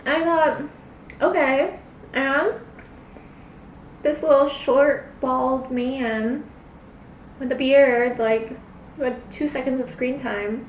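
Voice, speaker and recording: A woman's voice: high-pitched, steady tone, slow, pauses often, phone-quality sound. A young woman chatting in a rambling, filler-heavy way between bites while she eats on camera. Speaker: cosplay vlogger. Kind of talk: casual mukbang chat while eating. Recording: roomy, distant mic, faint hiss.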